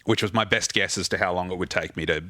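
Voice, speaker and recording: Deep-voiced man telling stories. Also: quick pace, dry recording. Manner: animated anecdotal storyteller, casual swearing. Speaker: guest, theatre musical director. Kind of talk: casual interview storytelling.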